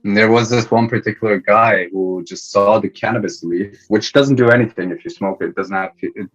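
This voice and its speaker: A young man from Iran, a podcast guest, telling stories from his life in a relaxed way and laughing often. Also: lowish voice, a little fast, highs cut off. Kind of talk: casual interview chat.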